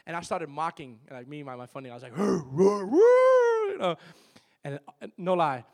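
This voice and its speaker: A male pastor preaching a sermon in a church, calling out to the congregation for answers and telling lively stories. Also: on the high side, quick pace. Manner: emphatic call-and-response preaching with lively storytelling. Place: church with a worship team.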